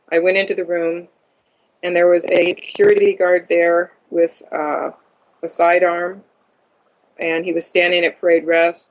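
An interview guest giving a first-person account in a halting way, with many ums and uhs. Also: medium pitch. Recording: dull lo-fi audio.

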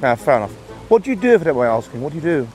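A quick-talking man with a fairly high voice interviews passers-by outdoors, pressing with probing questions and repeating them. Faint music plays behind him in the street. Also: sing-song, a little mellow.

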